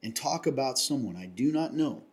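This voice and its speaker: A man's voice: medium pitch, animated, normal speed. A man from Kentucky hosting a casual chat, earnest and confiding, rambling with many restarts.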